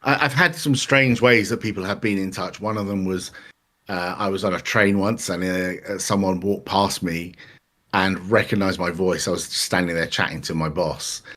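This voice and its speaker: A man, chatting casually as a podcast guest, relaxed and self-deprecating. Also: low voice, moderate pace. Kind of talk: casual chat.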